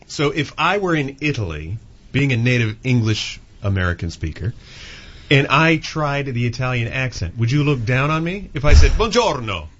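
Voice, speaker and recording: A man co-hosting a radio show, chatting lively and mimicking accents in his stories. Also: medium pitch, normal speed, muffled recording, slight background noise. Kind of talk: casual radio chat.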